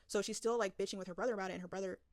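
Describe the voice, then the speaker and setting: A young woman giving a casual, profane movie recap, talking rapidly and scattering "like" everywhere. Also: medium pitch, fairly even intonation, dry recording, clean studio sound.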